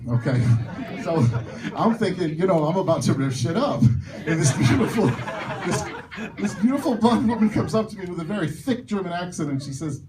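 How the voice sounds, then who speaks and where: A man's voice: on the high side, animated, fairly quick, slight background noise. Male stand-up comic, self-mocking crowd worker, slightly distant mic. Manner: loud crowd work, self-mocking punchlines. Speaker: stand-up comedian. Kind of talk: stand-up comedy set. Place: comedy club stage.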